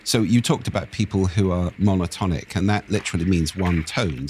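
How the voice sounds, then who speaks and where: An older man with a husky voice, explaining speaking technique in a lively, expressive conversational way. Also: deep voice, moderate pace, hardly any pauses, a little hiss or hum. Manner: animated, expressive intonation. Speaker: voice coach guest.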